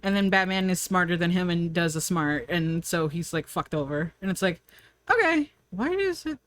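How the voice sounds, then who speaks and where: A woman's voice: lowish voice, lively intonation, moderate pace, no echo. A woman streamer chatting casually while she draws, rambling from thought to thought, laughing often and answering her chat.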